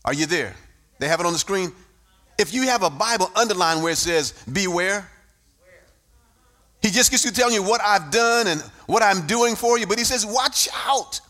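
A man preaching a sermon, moving from reading scripture into shouted, sing-song testimony. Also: sits high, lively intonation, normal speed. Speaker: pastor.

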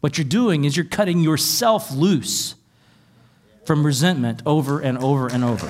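A male pastor delivers a sermon with a voice pitched somewhat high for a man. He reads scripture passages aloud and then explains them in an easy, conversational way. Now and then he drops in a wry aside. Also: normal speed.

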